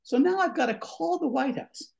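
His voice is very high and creaky, moving at a normal speed. He's an older former radio DJ guesting on a podcast interview, spinning animated stories, performing different voices, and running slightly short of breath.

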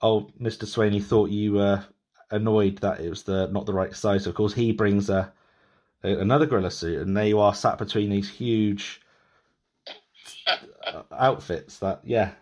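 A man's voice: fairly low pitch, fairly even intonation, normal speed, a little mellow. A man in his thirties hosting a podcast, chatting loosely with many restarts and laughs. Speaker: podcast host. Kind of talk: casual interview chat.

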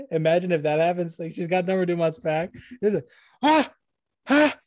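A man's voice: a little high, level tone, normal speed, mellow, no echo, studio quality. A young man co-hosting a podcast, chatting casually with lots of swearing, jokes and laughter. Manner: swearing, laughing, joking banter. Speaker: podcast co-host.

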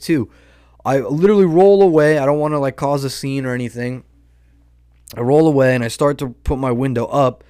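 A man's voice: on the high side, a little mellow, no room sound, clean studio sound. Rambling, profane young man on a podcast. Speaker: podcast host. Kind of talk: casual storytelling monologue.

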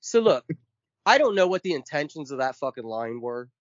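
A man's voice: medium pitch, sing-song, normal speed, dry recording. A man co-hosting a podcast, ranting casually and emphatically with lots of swearing, counting off his points one by one. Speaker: podcast co-host. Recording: dull lo-fi dry sound.

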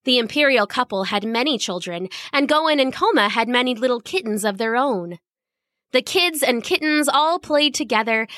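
A woman host narrating a children's storybook in a lively, expressive way. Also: a little high, no room sound, clean studio sound.

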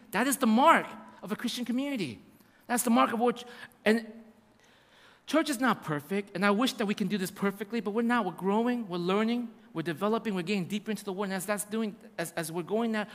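A man preaching a sermon as pastor, animated and repetitive, acting out little asides. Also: high voice, in a large hall.

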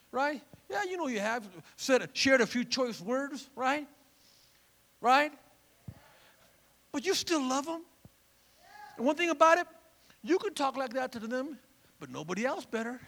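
High, gravelly fervent preacher man. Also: lively intonation, normal speed, a bit bright, long reverb tail. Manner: fervent preaching, call-and-response. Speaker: pastor. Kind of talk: sermon. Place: church.

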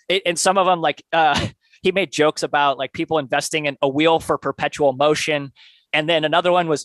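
A man's voice: on the high side, a bit bright, dry recording. A man co-hosting a podcast, casually summarizing a book in a loose conversational way, with many filler words. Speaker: podcast co-host.

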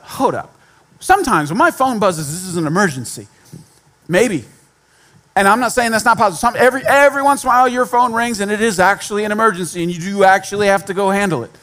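High-voiced man preaching conversationally. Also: fairly bright tone. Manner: conversational, with self-deprecating humor and repetition. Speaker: pastor. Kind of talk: sermon.

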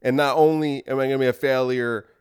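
A man's voice: medium pitch, fairly even intonation, fast talker, clean tone. A man hosting a podcast, delivering a rambling, self-deprecating comic monologue. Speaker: podcast host.

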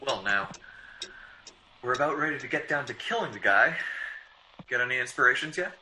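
A man's voice: mid-range voice, lively intonation, moderate pace, sharp tone, slight background noise, rough recording. A man playing a fussy writer who mutters over his own draft, in 1940s radio acting.

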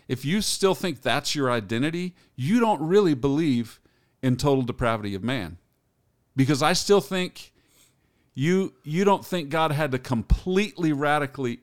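A middle-aged man co-hosting a podcast, telling stories and talking about faith in a casual, rambling way with many restarts. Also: fairly high pitch. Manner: rambling, storytelling, self-correcting. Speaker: podcast co-host.

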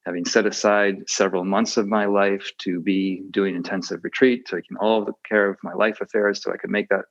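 A man's voice: on the low side, flat delivery, brisk, few pauses. A man giving a reflective dharma talk as a meditation teacher. He often hesitates with fillers and restarts his sentences. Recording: dull muffled audio.

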